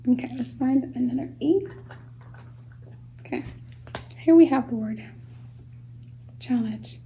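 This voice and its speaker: A woman gives a phonics lesson for young children, her voice high with a gravelly edge and a mellow, darker tone. She sounds words out slowly and patiently, sometimes softening to a whisper. Faint background noise sits under the recording. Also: poor audio. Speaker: homeschool teacher.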